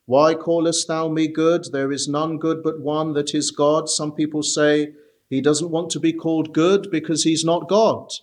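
A man preaching an expository sermon in a measured, earnest way, pausing often with "uh". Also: a little high, little pitch movement. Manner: measured, earnest, with frequent "uh" pauses.

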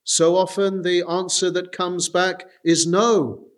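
Earnest preacher, man, higher voice. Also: little pitch movement, takes it slowly. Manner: earnest, repeatedly addresses "dear friends"; frequent "uh" hesitations. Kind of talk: sermon.

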